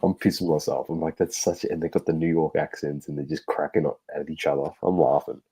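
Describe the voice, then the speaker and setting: A man's voice: a bass voice, fairly even intonation, fast talker, mellow, husky, poor audio. An Australian man co-hosting a sports podcast, telling stories in a loose, sweary, laughing way. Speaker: podcast co-host. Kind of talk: casual sports podcast chat.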